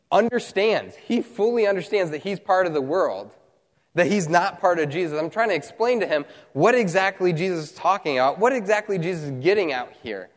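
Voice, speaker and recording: A man preaching a sermon as pastor, telling a story with earnest, animated delivery and dramatic pauses. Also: sits high, in a large hall. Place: church hall, also streamed online.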